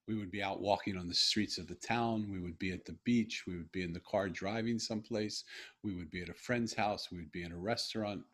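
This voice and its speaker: A middle-aged man, a guest author, telling a personal story in a podcast interview in an earnest, heartfelt way with frequent restarts. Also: low-pitched.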